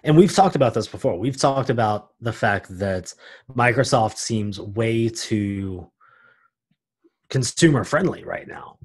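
A man co-hosting a casual podcast, his voice a little husky. He talks with a dry, sarcastic edge, at a middle pitch. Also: lively intonation, a little slow. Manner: wry and sarcastic. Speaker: podcast co-host.

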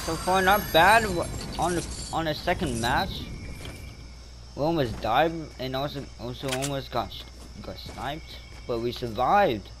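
A man hosting his own gaming channel, giving live gameplay commentary that swings between muttering to himself and panicked yelling. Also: medium pitch, animated, a little slow, noisy background.

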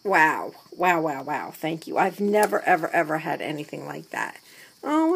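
Woman vlogger, slow-talking, gravelly, husky, gushing craft unboxing on a handheld camera. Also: medium pitch, a little hiss or hum. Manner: gushing, gasping, breaks into soft whispers. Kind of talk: excited unboxing chat to camera. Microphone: handheld camera mic.

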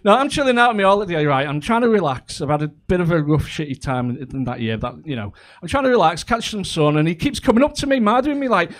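A man's voice: high voice, very animated, fast talker, hardly any pauses. A man performing a crude, chatty stand-up comedy set, full of ums and asides. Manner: chatty, crude, with frequent fillers.

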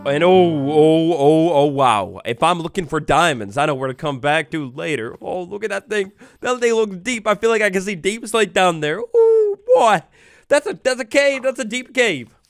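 A young man giving playful Minecraft let's play commentary, excitable and theatrical, with mock outrage. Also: high voice, a little fast, hardly any pauses, no room sound, studio quality. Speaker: gaming YouTuber. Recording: faint background music.

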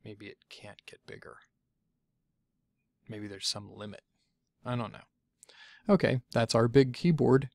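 A man giving a casual software tutorial, chatty and thinking aloud as he clicks through, often stopping to correct himself. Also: medium pitch, unhurried, gravelly, long pauses, dry recording. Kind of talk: casual screencast walkthrough.

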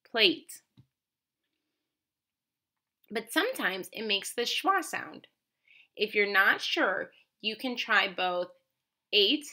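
A woman leads a children's phonics lesson at an unhurried pace, sounding out each word with care. Her voice is bright and clear, with a patient, encouraging teacher's delivery. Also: mid-range voice. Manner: slow, clearly enunciated, encouraging teacher talk.

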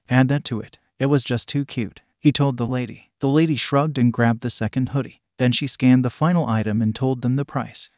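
A man narrating a story in an even, steady reading voice that speaks ellipses aloud as words. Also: medium pitch, no echo, clean studio sound.

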